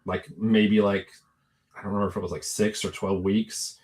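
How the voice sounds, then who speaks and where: A man's voice: lowish voice, level tone, moderate pace, a little mellow. A man talking through a video call as a guest, thoughtful and modest, with many fillers. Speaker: guest toy sculptor. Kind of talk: casual chat.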